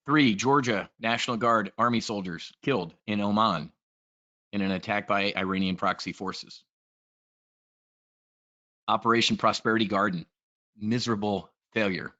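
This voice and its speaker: A man's voice: on the low side, fairly even intonation, moderate pace, long pauses, sharp tone, lo-fi sound. A man giving a casual, blunt and profane trade briefing, talking in a rambling way as a trading educator.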